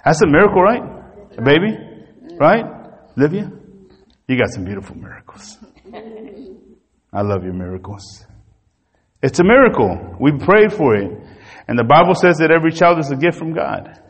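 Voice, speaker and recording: A man pastor delivering a sermon, telling a personal story in an animated, emotional way. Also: on the high side, normal speed, pauses often, husky, long reverb tail.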